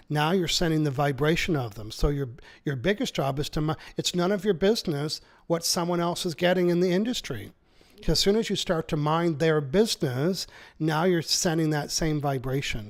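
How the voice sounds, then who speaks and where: Author guy explaining his stuff in an interview, kinda high gravelly voice, upbeat and persuasive. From Canada. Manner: energetic, persuasive, acts out quoted speech. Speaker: author and seminar speaker.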